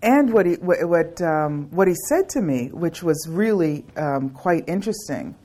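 A middle-aged woman who facilitates classes gives a casual, rambling talk to a live audience, joking and laughing often amid many restarts and fillers. Her voice is lowish, expressive, unhurried, and mellow.

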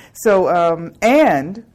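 A woman's voice: on the high side, darkish tone. A middle-aged woman who leads classes, giving a casual, rambling talk to a live audience and joking and laughing often. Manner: rambling, with many restarts and fillers. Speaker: class facilitator.

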